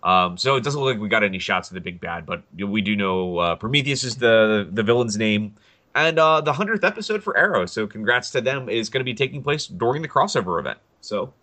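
Bright-voiced man chatting eagerly. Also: on the low side, brisk. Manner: excited, rambling, animated when joking. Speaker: podcast co-host. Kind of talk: casual chat.

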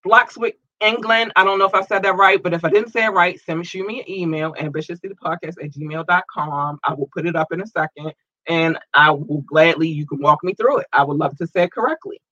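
A man hosting a podcast, reading out listener shout-outs in a casual, upbeat way and tripping over place names. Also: on the high side, fairly quick, no room sound, highs cut off. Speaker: podcast host.

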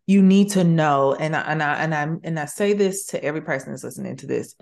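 A woman's voice: sits low, fast talker, vocal fry. A woman hosting a faith podcast and working as a therapist, talking casually and expressively, calling her guest sis and baby. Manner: warm, expressive, uses 'sis' and 'baby'.

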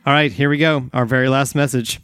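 A man's voice: medium pitch, fairly even intonation, brisk, a bit bright, clean tone, dry recording. Male podcast host, casual and rambling, dry close sound. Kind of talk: casual chat.

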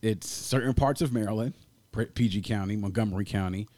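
A man's voice: fairly low pitch, fairly quick, no echo. Chatty D.C. man in a dry room. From Washington, D.C. area. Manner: animated, laughs often, talks at length. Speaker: podcast co-host. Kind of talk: casual chat.

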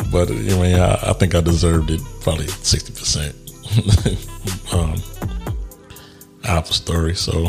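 A low, gravelly male voice tells a personal story candidly and reflectively. He laughs often and swears casually while working through his grief, his manner reflective and mournful.

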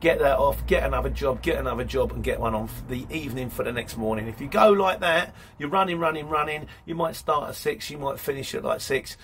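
A man's voice: medium pitch, fairly quick, hardly any pauses, a bit bright, a little hiss or hum. A man hosting his channel, reading viewer comments aloud and answering them in a rambling, matey way. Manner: chatty, rambling, says mate. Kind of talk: casual live-stream chat.

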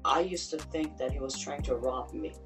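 A woman guest on a podcast telling a story in a casual, animated and emphatic way, swearing now and then. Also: a bass voice, moderate pace. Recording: distant mic with faint music.

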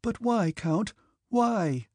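A man voicing a gentle, sorrowful young noblewoman who pleads with a trembling voice. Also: on the high side, lively intonation, a little slow, breathy edge, no echo, clean studio sound, pitched above the performer's own voice, heavily acted. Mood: pleading, tearful.

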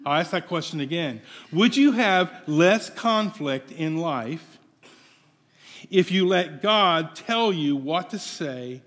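Speaking slowly, with his slightly raised voice echoing through a long hall reverb, a male pastor gives a sermon. His voice is on the high side, expressive and a bit bright, and he preaches playfully and conversationally, repeatedly questioning his congregation.

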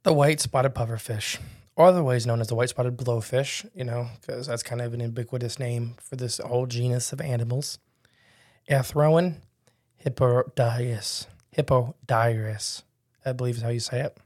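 A man's voice: mid-range voice, a little mellow, no echo, clean studio sound. A man hosting a podcast, chatting casually and rambling, mocking himself and piling on facts. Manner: rambling, self-mocking, quick to add facts. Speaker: podcast host. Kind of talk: casual chat. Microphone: studio microphone with headphones.

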